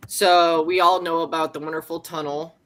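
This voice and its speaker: A man chatting as a guest investigator over a video call, calm and a little hesitant. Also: on the high side, normal speed. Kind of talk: casual chat.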